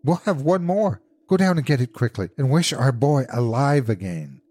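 A man's voice: fairly high pitch, sing-song, normal speed, a little mellow, slightly rough, pitched above the performer's own voice, full character voice. A man voicing a frantic, grieving old woman who pleads hysterically.

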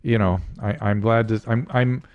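A man's voice: fairly low pitch, steady tone, moderate pace, dull audio. A middle-aged man hosting a casual podcast chat, explaining medical terms plainly and joking along. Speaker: podcast host, physician.

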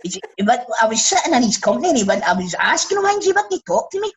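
A Scottish man telling sweary, animated stories in a casual podcast chat. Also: very high voice, quick pace, breathy edge.

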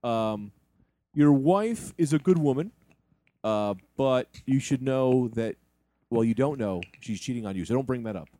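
A man with a mellow, dark voice narrates and bosses a comedy sketch in deadpan fashion. His sound is close and dry, with nothing around it. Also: mid-range voice, a little slow, no room sound. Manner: deadpan, bossy, exasperated. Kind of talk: improvised comedy.

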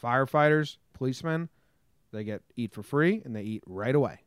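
A man co-hosts a podcast in a casual, joking way. He tells stories with a lot of energy, swears and acts out other people's lines. His voice sits in an ordinary middle pitch and sounds dry and close. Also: a little fast, smooth, no echo. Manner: animated storytelling, swears, acts out quotes. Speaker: podcast co-host. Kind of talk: casual comedic chat.

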